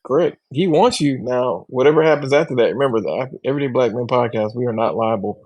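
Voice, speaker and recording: A man's voice: mid-range voice, quick pace, darkish tone, no room sound. Podcast host guy, teasing, dry close sound. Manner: wry, teasing, steers the talk. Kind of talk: casual group podcast banter.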